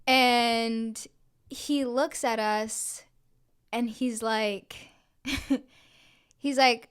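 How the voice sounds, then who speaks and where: A young woman with a fairly high voice tells a story on her podcast in loose, casual chat. She swears freely and slips into the voices of the people she quotes. Her delivery is animated. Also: drawn-out words, long pauses, smooth. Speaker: podcast co-host.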